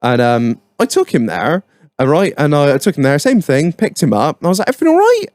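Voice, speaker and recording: A man's voice: fairly high pitch, brisk, no room sound. A man hosting a podcast, telling a sweary story in a casual, laughing way. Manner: sweary, laughing, animated anecdotes. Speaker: podcast host. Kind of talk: casual pub-style storytelling.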